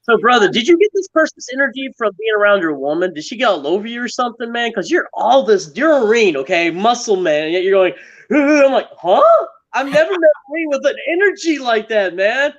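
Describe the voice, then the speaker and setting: A man's voice: sits high, sing-song, fast talker, hardly any pauses, a bit bright, highs cut off. A man joining a casual live stream as a guest, playful and teasing, turning earnest when he encourages someone.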